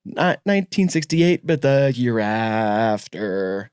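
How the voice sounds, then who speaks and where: A man's voice: lowish voice, animated, slow pace, darkish tone, smooth, dry recording, clean studio sound. A man co-hosting a comedy podcast who plays the straight man and laughs easily. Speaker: podcast co-host. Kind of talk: casual comedy banter.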